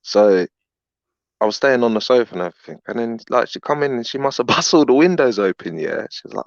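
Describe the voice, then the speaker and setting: A man's voice: mid-range voice, expressive, quick pace, vocal fry, no room sound, muffled recording. A man telling a long, rambling story in casual chat, full of fillers and "innit".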